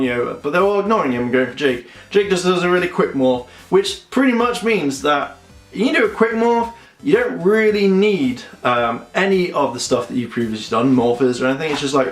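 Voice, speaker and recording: A man's voice: fairly high pitch, expressive, brisk, faint music behind. A man reviewing a TV episode in a casual, rambling way, with many fillers, acting out characters' lines. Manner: rambling, many fillers, acts out quotes in voices. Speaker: show reviewer. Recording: roomy echo.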